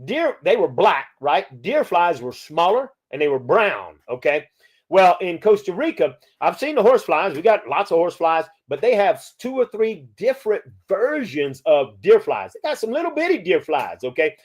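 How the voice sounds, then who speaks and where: A man's voice: sits high, very animated, normal speed. A folksy man, hosting a live chat and answering viewer questions, often tagging his points with "okay?". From Louisiana. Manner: folksy, peppers talk with "okay?". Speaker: podcast host.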